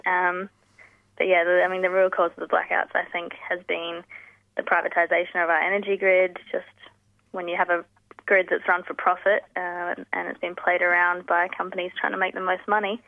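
A woman with a lowish voice and vocal fry speaks a little fast, her pitch barely moving. In this community radio phone interview she acts as an earnest campaign spokesperson, with fillers and restarts. The audio comes through a tinny, dry phone line without echo.

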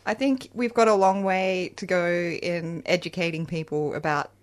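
A woman's voice: lowish voice, steady tone, moderate pace. A woman activist speaking as a panel guest, direct and emphatic. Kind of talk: casual discussion.

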